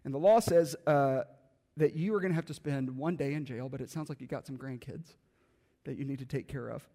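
A man playing a kindly mayor sitting as judge, speaking with measured, gentle authority. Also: medium pitch, in a large hall, voice pushed down, close to an everyday voice.

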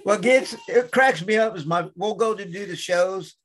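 A man's voice: sits high, normal speed, a bit bright, a little hiss or hum. A middle-aged man, a guest on an interview, telling casual anecdotes and acting out other people's lines. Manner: acts out the voices of people in his stories. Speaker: interview guest, wrestler and manager.

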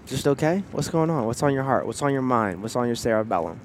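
A man's voice: mid-range voice, expressive, fast, a little hiss or hum. A man hosting a podcast in casual chat, playful and teasing. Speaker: podcast host.

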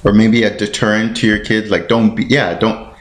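Rambling through his solo podcast, the host thinks out loud as he searches for information, tripping on words and self-deprecatingly saying sorry. His low-side voice keeps a level tone at a moderate pace, and the sound is reverberant.

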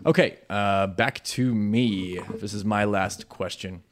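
A man's voice: on the low side, takes it slowly, slight background noise. A man hosting a podcast, asking questions with many hesitant fillers. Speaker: podcast host. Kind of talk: casual chat.

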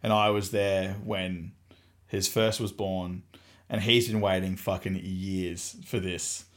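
A young man with a lowish voice recounts a personal story on a podcast. He is animated and loose, swears without a second thought, and breaks into laughter as he talks. The delivery is casual chat between friends. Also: slow. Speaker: podcast host.

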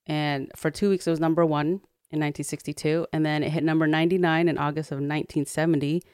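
A woman co-hosting a podcast, relaxed as she tells the history with many fillers. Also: low voice, fast talker, clear, resonant tone, no echo, clean studio sound. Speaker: podcast co-host. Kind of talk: casual chat.

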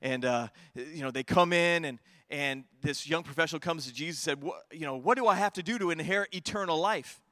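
A man preaching a sermon as pastor, talking to his congregation in a conversational way, often repeating words as he builds toward emphatic high points. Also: a little fast, few pauses, pushed and bright, no echo, clean studio sound.

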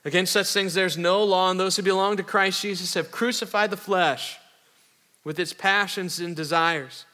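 A man's voice: sits high, fairly even intonation, moderate pace, bright, forceful tone. A middle-aged man from Iowa preaching a sermon as a pastor, conversational and joking, with casual slang. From Iowa, USA. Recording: reverberant hall.

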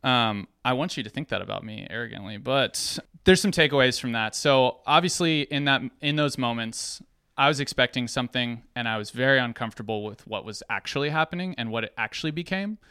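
Bright, crisp-voiced young man telling a story. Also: mid-range voice, fairly quick, no room sound, studio quality. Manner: lively, acts out quoted voices. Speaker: speaker sharing a personal story. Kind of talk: storytelling talk to an audience.

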